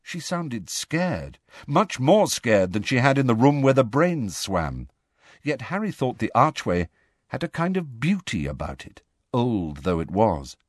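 A man reading a storybook aloud as audiobook narrator, in expressive scripted narration on a close studio mic. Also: medium pitch, a little slow, no room sound.

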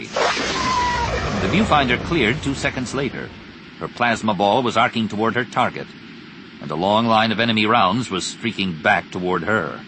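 Deep-voiced male audiobook narrator, lively and dramatic. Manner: dramatic, varied, drops soft on grave lines. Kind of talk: expressive story narration. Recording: noisy recording.

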